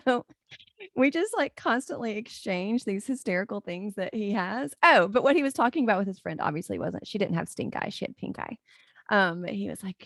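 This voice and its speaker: A woman's voice: medium pitch, expressive, moderate pace, no room sound, clean studio sound. Chatty woman in her forties. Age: 40s. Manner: chatty and storytelling, laughing often. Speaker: podcast host, life coach. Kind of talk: casual solo podcast chat.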